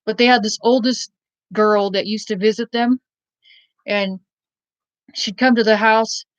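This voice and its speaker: A woman's voice: a little high, fairly even intonation, a little slow, dry recording, lo-fi sound. A woman casually telling a personal story in a blunt, rambling way, with many fillers and some swearing.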